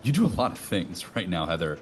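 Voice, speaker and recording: Low-voiced man from Wisconsin hosting. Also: very animated, fast, soft background music. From Wisconsin, USA. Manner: long, winding questions. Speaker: podcast co-host. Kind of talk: casual podcast interview.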